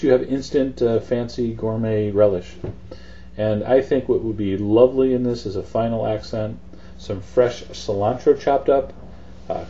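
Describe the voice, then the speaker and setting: A man's voice: mid-range voice, muffled recording. A man hosting a cooking demonstration, talking through each step in a chatty, easygoing way. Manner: chatty, relaxed instruction with fillers. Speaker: cooking show host.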